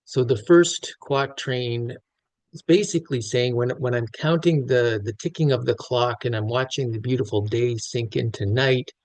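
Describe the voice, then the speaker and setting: A man's voice: mid-range voice, steady tone, normal speed, a little mellow, dry recording, low-quality recording. A man lecturing on a poem, thinking aloud with frequent restarts and fillers. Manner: thoughtful, many restarts and fillers. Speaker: literature lecturer. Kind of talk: close-reading lecture.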